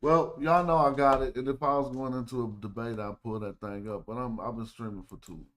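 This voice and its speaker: A man's voice: mid-range voice, steady tone, a bit bright. Man thinking aloud on a livestream. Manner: thinking aloud, sounding out words slowly. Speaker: livestream host. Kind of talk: casual livestream study talk.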